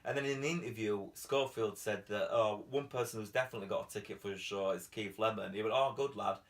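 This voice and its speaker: A man's voice: fairly low pitch, fast. A man, hosting a jokey bedroom chat, cheeky and prone to sudden squealing impressions. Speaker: comedian host. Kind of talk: comic chat in bed.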